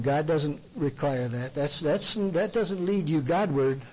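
A man's voice: a little high, measured pace, hardly any pauses, a little mellow, rough recording. A man speaking as a Christian counselor, giving a plain-spoken, earnest sermon talk in a folksy way. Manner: earnest, folksy, acts out what people say to him.

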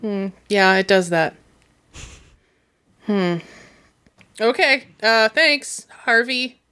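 A woman's voice: medium pitch, lively intonation, very slow, sharp tone, smooth. A woman taking part as a player in a tabletop game, polite and easygoing.

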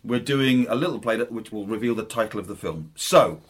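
A man's voice: lowish voice, fairly quick, slightly rough. A man co-hosting a podcast, running a film charades game with teasing, playful banter. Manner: teasing, laughing. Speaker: podcast co-host, quiz master.

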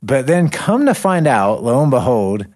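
A man's voice: mid-range voice, unhurried. A young man co-hosting a podcast, chatting casually and loosely, with lots of fillers and restarts. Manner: relaxed, rambling with fillers and restarts. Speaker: podcast co-host. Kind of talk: casual chat. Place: living in the North Caucasus.

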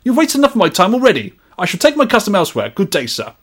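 Bloke doing a posh victorian gent, snooty and booming, pitched way up, husky. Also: male voice, wildly swooping pitch, rapid-fire, fairly bright tone, heavily acted. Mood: indignant. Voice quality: haughty, booming, affected posh. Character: pompous Victorian gentleman shopper, indignant.

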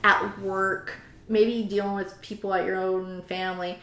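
A woman's voice: medium pitch, level tone, a little slow, fairly bright tone. A woman hosting a casual chat, animatedly retelling a story and reading quotes aloud from a book. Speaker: host. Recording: roomy echo.

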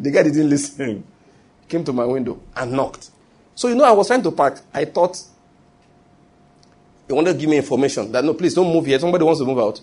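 A middle-aged man with a Nigerian accent, preaching a sermon and telling lively stories with acted quotes. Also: fairly high pitch, husky. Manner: animated storytelling preaching with acted quotes and pidgin asides. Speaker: pastor.

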